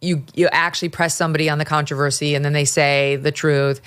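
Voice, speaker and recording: A woman's voice: low-pitched, level tone, quick pace, smooth. A woman hosting a talk show, chatting with wry, sarcastic asides. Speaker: podcast host. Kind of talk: opinionated talk-show chat.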